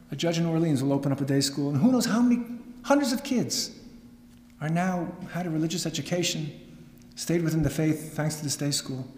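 A man's voice: high-pitched, a little mellow, slight background noise. A middle-aged man, a rabbi, giving a dramatic storytelling lecture with wry asides. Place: synagogue hall. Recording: echoey hall with long reverb.

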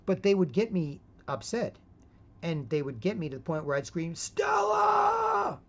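Here a vlogger's voice runs a little high and animated at a moderate pace, with a darkish tone and dull audio. He rambles casually, repeating words, ending lines with "right?" and dropping into put-on quotes.

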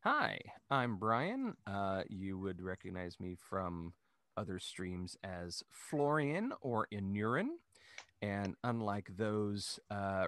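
A man's voice: sits low, a bit bright. A man introducing himself as a player on a tabletop game stream, hesitant and playful. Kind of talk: casual stream chat.

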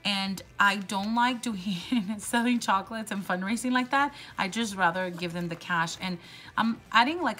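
A woman's voice: medium pitch, sharp tone, low-quality recording. Chatty woman counting cash aloud. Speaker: budgeting vlogger. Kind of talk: casual voice-over while counting cash.

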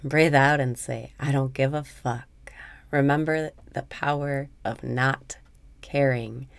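A woman leading a guided meditation in a slow, soothing way, dropping now and then into soft whispers. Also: very deep voice, steady tone, vocal fry, no room sound.

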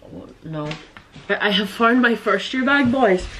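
A woman's voice: on the high side, expressive, noisy background. Chatty Irish teen girl, echoey room. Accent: Irish, Donegal. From Ireland. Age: teens. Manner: chatty, jokey, quick to laugh. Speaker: vlogger. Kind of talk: casual chat to camera. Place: her bedroom, indoors.

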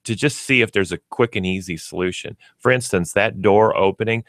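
Brief: very low-voiced man, dry studio sound, patient pet-training explainer on radio. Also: a little fast, a bit bright, no room sound. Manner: explanatory, uses everyday examples and acts out pets. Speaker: pet store expert guest. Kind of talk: radio talk show.

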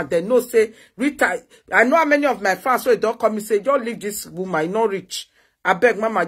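A woman with a Nigerian accent delivers a heated rant on a phone live video, her voice husky and worn. She taunts and mocks her rival with a needling, scornful tone. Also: fairly high pitch, fairly bright tone. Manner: taunting and mocking. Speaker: social media personality.

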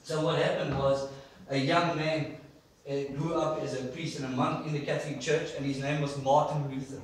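A man's voice: fairly high pitch, steady tone, moderate pace, slight background noise. A man preaching a sermon in a church, telling stories and asking the congregation questions. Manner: storytelling, asks the congregation questions. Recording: echoey church hall from far off.

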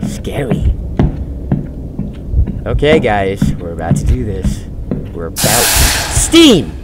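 A man's voice: lowish voice, sing-song, slow, heavy background noise. Jumpy, rambling gaming YouTuber man. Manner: jumpy, rambling, yelps when startled. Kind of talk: let's play commentary.

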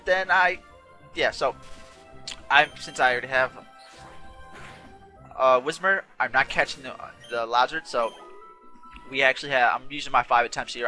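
Bright-voiced man rambling through a game. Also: medium pitch. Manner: rambling, self-correcting, chatty. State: yawning, a bit tired. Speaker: let's play host. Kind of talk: casual gameplay commentary. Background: game music.

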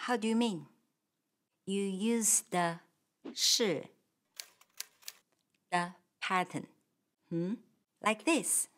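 A woman teaching Mandarin grammar, explaining patiently and clearly with model sentences. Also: medium pitch, fairly bright tone. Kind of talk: grammar lesson.

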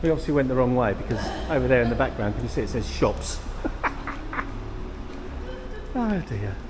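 A man's voice: medium pitch, animated, moderate pace. A man hosting a casual vlog, chatty and grumbling, with frequent laughs. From England. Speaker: vlog host. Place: car and shopping centre. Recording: noisy car and street background.

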